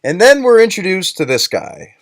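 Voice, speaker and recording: A man's voice: high-pitched, sing-song, normal speed. A young man giving a comedic movie-review rant, sarcastic, profane and exasperated. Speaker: film reviewer.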